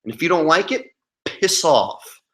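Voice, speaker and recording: A man's voice: a little high, sing-song, unhurried, fairly bright tone. A man hosting his own livestream, talking casually in a profane, defiant way and mocking his critics. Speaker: channel host.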